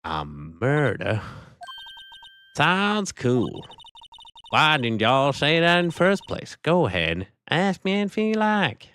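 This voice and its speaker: A man's voice: a little high, huge pitch swings, slow pace, fairly bright tone, slight background noise, full character voice. A man voicing a brash young woman photographer with a Southern accent, talking in a sassy, bossy drawl while reading game dialogue. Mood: teasing. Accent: American Southern.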